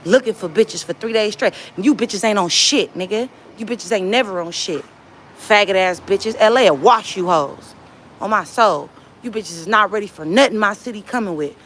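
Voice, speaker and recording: A woman's voice: medium pitch, normal speed, fairly bright tone, a little hiss or hum. A woman from Los Angeles hosting a livestream, trash-talking in a profane, confrontational way from a laundromat. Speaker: livestream host. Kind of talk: casual livestream rant.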